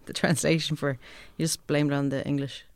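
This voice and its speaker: A woman's voice: low voice, level tone, fairly quick, a little mellow, dry recording, studio quality. A young woman telling candid stories in casual chat as a guest reviewer, swearing freely.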